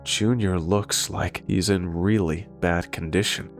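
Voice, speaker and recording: A man's voice: sits low, steady tone, unhurried, soft background music. Man playing a cartoon tomato, sad, subdued, serious.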